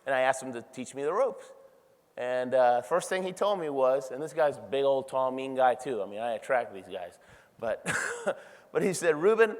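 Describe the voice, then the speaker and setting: A man giving a motivational keynote speech at a convention, telling stories in an animated way and laughing often. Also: mid-range voice. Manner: animated storytelling with frequent laughs. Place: large convention hall. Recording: long hall reverb.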